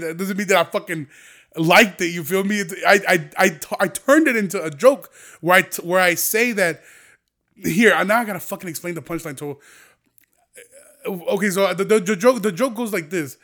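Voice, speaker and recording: A man with a high, bright, cutting voice holds forth on his podcast. He rants in a heated, profane way, circling back and restarting as he goes. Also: fairly quick. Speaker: podcast host. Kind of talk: casual ranting monologue.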